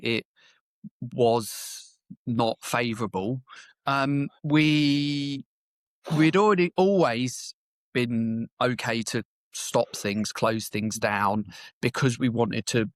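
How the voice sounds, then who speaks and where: A man's voice: mid-range voice, slow pace, dry recording. Frank male business coach, dry close sound. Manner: frank, conversational, swears. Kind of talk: casual interview chat.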